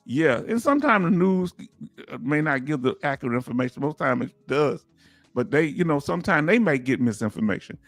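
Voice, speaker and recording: A man's voice: on the high side, expressive, fairly quick, dry recording, faint music behind. A man with a Southern US accent hosting a casual livestream, reading out viewer comments and laughing often. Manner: laughs often, loose conversational delivery. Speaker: livestream host.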